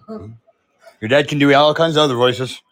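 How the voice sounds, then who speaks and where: A man's voice: on the high side, takes it slowly. A middle-aged man co-hosting a podcast in casual chat, joking around and trying out silly voices. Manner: jokey, tries out silly voices. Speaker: podcast co-host.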